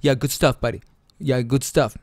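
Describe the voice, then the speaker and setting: A man voicing a goofy, friendly male gamer speaking softly. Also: mid-range voice, steady tone, normal speed, natural voice.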